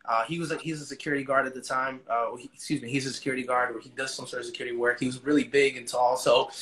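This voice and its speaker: Man, interview guest, casual storytelling, swears a lot, sharp bright voice. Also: medium pitch, fast. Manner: profane, animated retelling with slangy asides.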